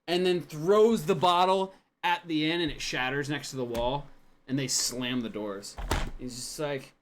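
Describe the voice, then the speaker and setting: A man's voice: on the high side, unhurried. A man running a tabletop game as game master, describing scenes loosely with lots of fillers. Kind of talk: casual tabletop game narration.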